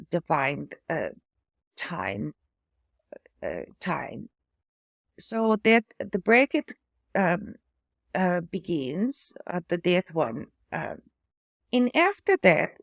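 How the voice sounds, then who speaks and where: A middle-aged woman from Canada whose speech now has an Eastern European-sounding accent, talking slowly and haltingly with many pauses and fillers, affected by aphasia after a stroke. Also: medium pitch, vocal fry, no echo, clean studio sound. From Hamilton, Ontario, Canada. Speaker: memoir vlogger, former priest. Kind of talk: personal reflective talk to camera.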